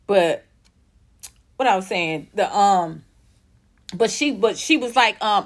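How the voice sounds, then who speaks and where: Speaking a little high and expressively, this young female commentary host rants with profanity. She's heated and blunt, alternating quick bursts with deliberately slow, emphasized words.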